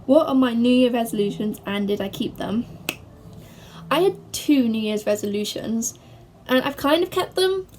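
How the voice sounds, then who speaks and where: A young woman from England answering viewer questions in a chatty, bubbly way, speeding up when she gets excited. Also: on the high side, normal speed, slight background noise. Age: young adult. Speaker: vlogger. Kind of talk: casual to-camera Q&A.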